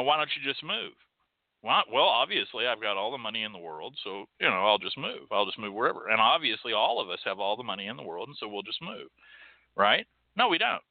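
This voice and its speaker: This ranting monologue comes from a male show host out of Texas, whose medium-pitched voice drips with sarcasm and frequent curses. He sounds animated and profane, and the tinny, phone-like audio carries no echo.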